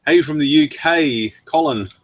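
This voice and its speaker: A man's voice: a little high, measured pace, no echo. An Australian man hosting a casual live stream, reading out viewer messages in a chatty way with frequent laughs and ums, his throat worn from long talking. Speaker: livestream host.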